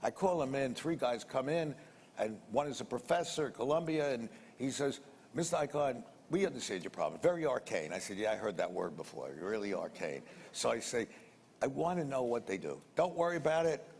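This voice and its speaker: A man's voice: mid-range voice, big pitch swings, brisk, gravelly, a little mellow. An older man being interviewed, telling a rambling story in colloquial speech that repeats sound words. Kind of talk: anecdotal storytelling. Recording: reverberant room with faint noise.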